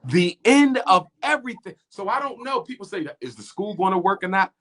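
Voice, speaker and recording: Impassioned man with a lively, high-pitched voice. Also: fairly quick. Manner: preacher-like, rhythmic repetition. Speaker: interview guest. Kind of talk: impassioned interview talk.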